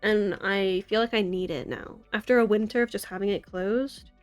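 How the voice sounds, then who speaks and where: A woman's voice: medium pitch, fairly even intonation, normal speed, lo-fi sound, soft background music. A young American woman in her twenties, chatting casually on a live stream from her city apartment, rambling and giggling at herself. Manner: rambling, giggly, self-deprecating. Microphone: desk mic.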